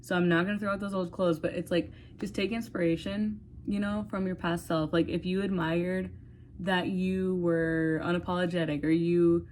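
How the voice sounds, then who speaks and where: With a fairly low, steady, darkish voice at a moderate pace, a woman in her twenties rambles through a casual phone vlog. She talks candidly, swears freely, and peppers her speech with "like," while slight background noise is audible.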